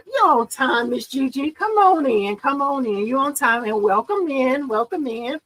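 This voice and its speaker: A bubbly, chatty woman with a high voice hosts a casual livestream, talking to viewers at normal speed with few pauses. She's excitable and laughs often, and the recording is rough.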